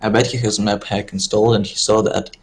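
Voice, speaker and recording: A man's voice: lowish voice, little pitch movement, fairly quick, slight background noise, rough recording. A man who speaks English as a second language, casting an online strategy game in a joking, rambling, slightly mumbled way, with typing heard behind him. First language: not English. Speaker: game caster. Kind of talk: casual esports commentary.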